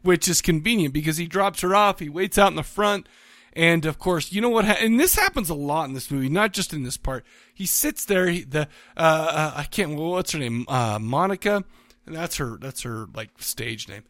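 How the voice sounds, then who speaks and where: A man's voice: on the high side, lively intonation, moderate pace, fairly bright tone, no room sound. A man hosting a casual movie-review podcast, telling the plot in a rambling, profane way with many fillers. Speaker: podcast host.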